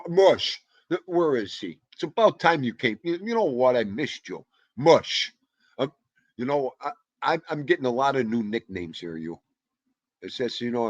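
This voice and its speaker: A man hosting a livestream, rambling excitably and greeting viewers by name. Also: mid-range voice, creaky, no echo, dull audio. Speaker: livestream host. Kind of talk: casual chat.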